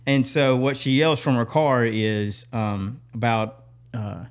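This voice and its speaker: A man, co-hosting a podcast, telling stories in a lively way, laughing often and acting out what people said. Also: mid-range voice, slow pace. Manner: animated, laughs often, acts out quotes. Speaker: podcast co-host. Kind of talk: casual storytelling chat.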